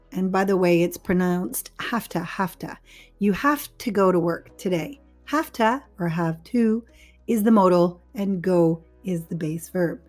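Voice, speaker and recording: A woman English teacher giving a scripted grammar lesson, explaining patiently and clearly and stressing the key words. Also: mid-range voice, darkish tone.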